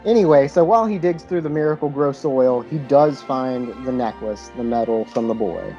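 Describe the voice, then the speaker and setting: A man's voice: medium pitch, normal speed, warm tone, lo-fi sound, soft background music. A man co-hosting a casual podcast, retelling a film's plot with fillers and swearing. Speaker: podcast co-host. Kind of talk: casual movie recap chat.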